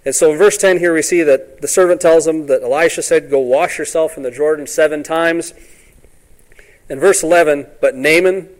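A man preaching a sermon in a folksy way, often asking "all right?" and acting out Bible scenes in quick voices. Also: on the high side. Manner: ends points with "all right?".

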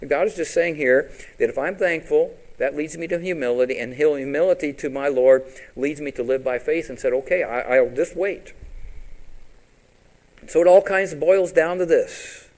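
A man's voice: a little high, moderate pace, darkish tone, poor audio. A man preaching a sermon as pastor, quoting scripture and asking his congregation questions, with big rises and drops for emphasis.

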